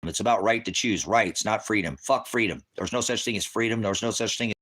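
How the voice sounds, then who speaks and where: A deep-voiced man hosting a livestream who fires back at his chat. He curses freely and dismisses his commenters with blunt, combative put-downs. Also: a little fast, a bit bright, breathy edge. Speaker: livestream host of a ministry channel. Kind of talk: profane livestream rant answering chat.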